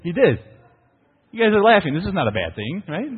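A man's voice: high-pitched, big pitch swings, fairly quick, breathy edge, long reverb tail, narrow, tinny audio. A pastor, preaching a sermon to his congregation in a playful storytelling manner, often asking "right?". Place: church.

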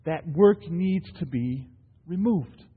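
In a church hall, a pastor speaks to his congregation at a slow pace, his voice on the high side with lively intonation and a breathy edge. He tells stories and asks rhetorical questions, often tagging on "right?", and the recording is thin and phone-like with long hall reverb.

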